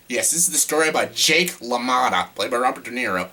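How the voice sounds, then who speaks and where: A man casually ranking his favorite films in a vlog, gushing and excitable, with casual swearing. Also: mid-range voice, moderate pace, hardly any pauses. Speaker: movie reviewer.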